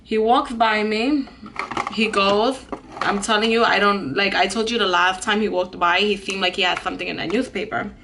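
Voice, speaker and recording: A woman's voice: medium pitch, fairly even intonation, moderate pace, background noise. A young woman telling a storytime vlog in an earnest way, full of "like" fillers. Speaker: vlogger.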